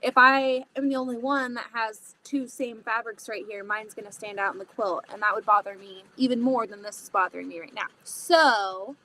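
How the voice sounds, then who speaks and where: A woman's voice: fairly high pitch, bright, forceful tone, slight background noise. A woman hosting a casual sewing livestream, chatting to viewers and thinking aloud as she cuts fabric. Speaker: livestream host.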